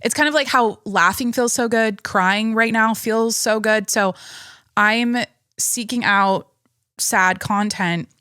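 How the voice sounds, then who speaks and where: A young woman talks loosely into a close podcast mic, rambling and chatty with lots of restarts. Her voice sits at a middle pitch and the sound is dry, with no room around it. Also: pushed and bright, clear, resonant tone, dry recording. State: pregnant. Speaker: podcast host. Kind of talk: casual solo podcast chat.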